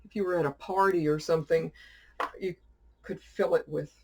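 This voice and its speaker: A woman's voice: fairly low pitch, fairly even intonation, normal speed, darkish tone. A woman chatting casually as she shows off a shopping haul and tells a rambling story, laughing often. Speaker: witchcraft YouTuber showing a shopping haul. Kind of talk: casual chat.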